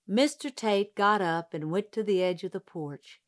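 A woman narrating a novel as an audiobook, in a measured, even manner. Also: medium pitch.

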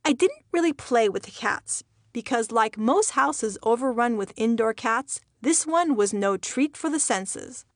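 A woman's voice: a little high, lively intonation, measured pace, hardly any pauses, no echo. A woman from Iran reading her own memoir aloud with a wry, dry humor. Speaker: memoir narrator. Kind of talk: audiobook memoir narration.

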